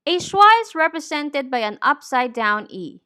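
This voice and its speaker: A woman teaching English pronunciation, saying each word deliberately and clearly. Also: high voice, big pitch swings, sharp tone. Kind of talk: slow, careful pronunciation lesson.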